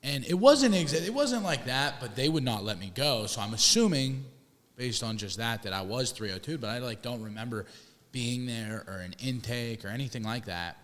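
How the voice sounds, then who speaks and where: A man's voice: medium pitch, expressive, normal speed, fairly bright tone, big-room sound. A young man telling a rambling story with lots of swearing and restarts on a casual podcast. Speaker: podcast co-host.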